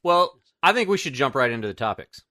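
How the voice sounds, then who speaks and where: Bright, lively male podcast host. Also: mid-range voice, brisk, dry recording, studio quality. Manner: wry, steers the show. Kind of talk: casual podcast chat.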